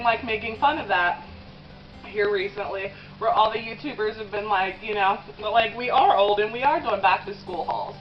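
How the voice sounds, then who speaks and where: Here the young woman, in her twenties, sounds high-pitched over dull audio. Eating through her confessional vlog, she wanders from point to point, leans on "um" and "like," and gets teary now and then.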